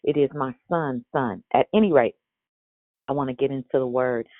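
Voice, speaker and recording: A woman's voice: a bass voice, normal speed, no echo. An older woman hosting a live devotional, teaching expressively with lots of vocal inflection. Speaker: devotional host. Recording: tinny phone-like line.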